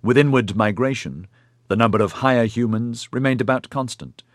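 A man reading a science-fiction audiobook as narrator in a steady, even storytelling delivery. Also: medium pitch, moderate pace, no room sound, clean studio sound. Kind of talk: scripted narration.

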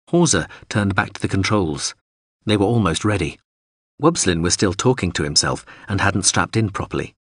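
A man reads a sci-fi audiobook in a very deep, husky voice. His narration is steady and even. The recording is dry and close to the mic. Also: no echo. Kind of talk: scripted narration.

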